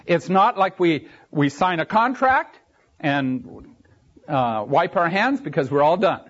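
Animated high-voiced preacher, lo-fi. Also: male voice. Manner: animated preaching with sudden rises and drops in pitch; slow, emphatic delivery with brief asides and restarts. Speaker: preacher and Bible teacher. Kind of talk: sermon. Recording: dull lo-fi recording.

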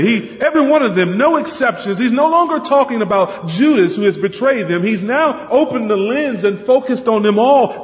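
A man's voice: sits high, lively intonation, normal speed, hardly any pauses. A man preaching a sermon, earnest and emphatic, often repeating words as he stresses a point. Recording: dull lo-fi sound with long hall reverb.

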